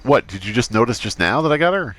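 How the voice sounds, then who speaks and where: A man's voice: medium pitch, animated, quick pace, a bit bright. A man streaming a crime roleplay game as a doctor character, chatting in character with a dry, sarcastic manner.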